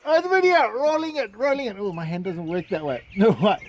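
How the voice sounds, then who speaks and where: A man hosting a travel vlog, chatting excitedly and jokily as he walks around an outdoor estate. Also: high-pitched, fairly quick, slight background noise. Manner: excitable, jokey, mock salesman patter. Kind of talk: casual walking tour to camera.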